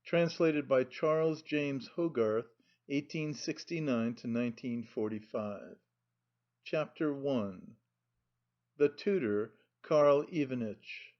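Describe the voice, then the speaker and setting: A man reading an audiobook in a slow, measured narration, in a dull lo-fi recording. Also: mid-range voice.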